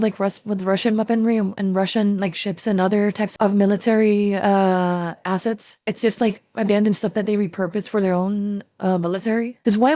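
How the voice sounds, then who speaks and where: स्ट्रीमर महिला, बिखरी-बिखरी बातें, सूखी आवाज़. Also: female voice, medium pitch, dark tone, no room sound, studio quality. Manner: rambling, many restarts, swears freely. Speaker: streamer. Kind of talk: casual reaction commentary.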